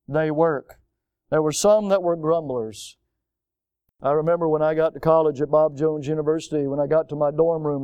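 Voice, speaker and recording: Older male pastor, sermon delivery, smooth clear voice, dry close sound, lively mocking asides. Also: on the high side, dry recording. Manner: animated preaching with mocking voices for quoted people. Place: church.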